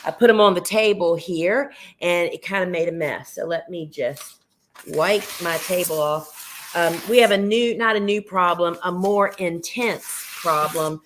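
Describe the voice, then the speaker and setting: A middle-aged woman hosting a casual live gardening show, chatty and homey, her voice a little hoarse from losing it. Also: lowish voice, a little slow, slight background noise. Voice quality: chatty, homey, addresses viewers as friends.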